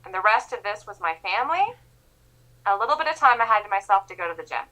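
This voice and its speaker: Emphatic, bright-voiced woman trading teacher. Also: medium pitch, sing-song, quick pace, rough recording. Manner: emphatic, insistent. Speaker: trading instructor. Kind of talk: motivational lecture.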